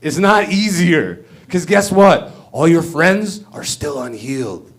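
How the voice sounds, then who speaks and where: A man's voice: on the high side, lively intonation, slow. A man in his thirties doing a profane, brash stand-up comedy rant on a club stage. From Canada. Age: 30s.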